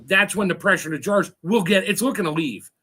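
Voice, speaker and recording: A man's voice: sits high, fast, pushed and bright, slightly rough. A man hosting a casual chat, telling stories with lots of laughter and imitated sounds. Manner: chatty storyteller, laughs often, acts out sounds. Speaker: host.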